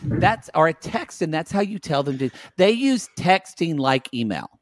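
A man's voice: a little high, big pitch swings, normal speed, dry recording. A man co-hosting a podcast, speaking bluntly and crudely in casual chat. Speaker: podcast co-host.

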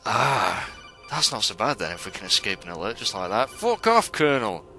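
A young man commentating a stealth video game for viewers, excitable and swearing as he plays. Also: fairly low pitch, fairly quick. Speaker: gamer playing a stealth game. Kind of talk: let's play commentary. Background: game music.

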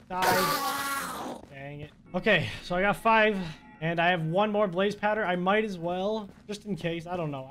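A young man giving excitable live commentary while playing a video game, muttering one moment and yelling the next. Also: high voice, background noise. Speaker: gaming YouTuber.

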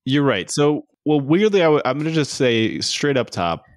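A man's voice: a little high, big pitch swings, normal speed, no room sound. A man who is a guest on a film podcast, talking in a dry, opinionated way. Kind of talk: casual film podcast chat.

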